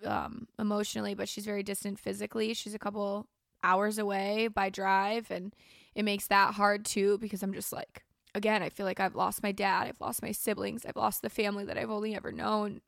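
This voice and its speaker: A woman's voice: medium pitch, flat delivery, a little fast, vocal fry, dry recording, clean studio sound. A young woman host talking through a casual, rambling personal monologue, emotional and tearful, with many fillers. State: crying. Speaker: podcast host.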